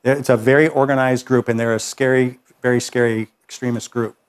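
Man teaching a workshop, medium pitch. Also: steady tone, fairly quick, clean tone. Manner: conversational, checks in with listeners with "okay?". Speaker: workshop trainer. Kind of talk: classroom teaching with anecdotes.

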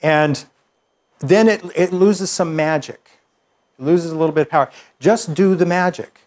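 A man's voice: a little high, unhurried. Man teaching a live workshop. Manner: relaxed, conversational explaining with fillers and restarts. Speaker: workshop instructor.

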